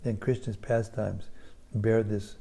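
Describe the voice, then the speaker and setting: A man giving a scripture class, retelling a sacred story in a relaxed, conversational way. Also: on the low side, slow pace, gravelly. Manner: relaxed retelling with soft asides.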